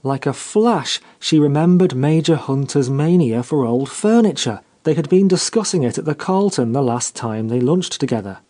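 A man narrating a story in a measured, expressive reading. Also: on the high side.

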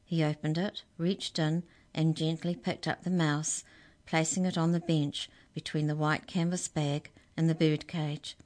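A woman reading a children's story aloud in a lively, expressive way. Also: sits low, measured pace.

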